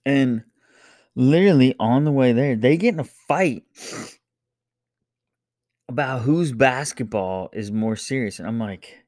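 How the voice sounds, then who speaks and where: A man in his thirties hosting a casual solo podcast. He tells a family story in a lively, animated way, laughing often and jumping into high voices. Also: unhurried, no room sound, clean studio sound. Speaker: podcast host.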